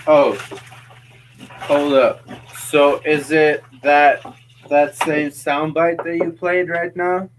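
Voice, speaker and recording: Man, podcast co-host, casual joking chat, slow pace, voice call. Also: a little high, level tone, slight background noise. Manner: joking, playful.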